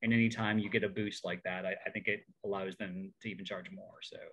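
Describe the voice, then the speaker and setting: Host, male, bright tone, eager and stammery in conversation. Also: deep voice, little pitch movement, quick pace, slightly rough. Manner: enthusiastic, stammering restarts. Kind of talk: casual chat.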